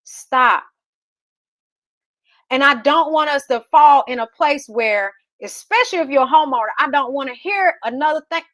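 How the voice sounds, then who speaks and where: A woman's voice: sits high, normal speed, a bit bright, no room sound. A woman in her thirties, a real estate host, giving a fired-up motivational talk full of rhetorical questions.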